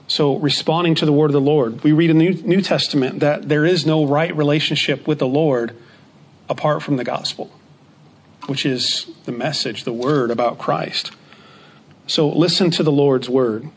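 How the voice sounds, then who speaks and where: A man teaching a Bible study lesson in a measured way, repeating key phrases for emphasis. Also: on the high side.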